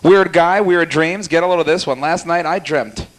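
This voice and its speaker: Young male stand-up, slightly high voice, quick teasing crowd work, live cafe set. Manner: rapid, jokey, teasing the audience. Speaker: stand-up comedian. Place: small cafe club, live audience.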